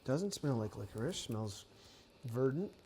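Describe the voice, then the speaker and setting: A man's voice: mid-range voice, animated. A man co-hosting a cooking show, teasing the cook in casual banter. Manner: teasing, quick to laugh. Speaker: co-host. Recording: loud background noise.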